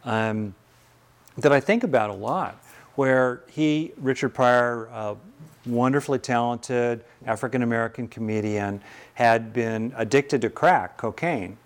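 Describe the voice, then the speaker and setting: A male meditation teacher, speaking at an ordinary mid pitch, gives a teaching talk with Q&A in a relaxed, conversational way. Folksy and unhurried, he drifts into stories to answer his students.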